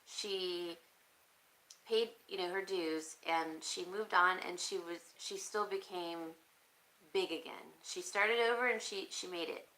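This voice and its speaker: A woman with a bright, clear tone chats casually on a live stream. She reads viewer comments aloud and thinks out loud, often pausing with an easy "um, let's see.". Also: lowish voice, rough recording. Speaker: crafting channel host.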